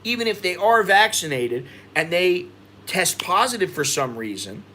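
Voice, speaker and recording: Reading out viewer comments on his livestream, the American expat vlogger rambles with frustration and keeps repeating himself. His high-pitched voice swings widely in pitch and sounds pushed and bright, delivered at a normal pace.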